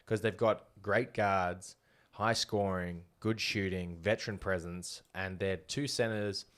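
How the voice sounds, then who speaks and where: A man's voice: deep voice, fairly even intonation, slow, a bit bright. An Australian man co-hosting a podcast, chatting casually about basketball and confidently making bold predictions. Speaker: podcast co-host. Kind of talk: casual sports chat.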